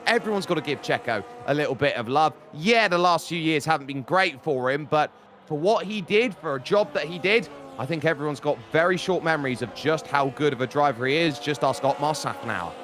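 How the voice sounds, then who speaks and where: A man commentating a sim racing event, talking loosely with fillers and rising to shouts when the action picks up. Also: on the high side, expressive, moderate pace. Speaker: race commentator.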